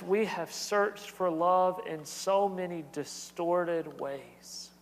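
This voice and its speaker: An earnest man in his thirties delivers a sermon with a notably high voice. He preaches in a repetitive, building cadence, and his words ring out with a long reverb, as in a church sanctuary. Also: darkish tone. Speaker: pastor.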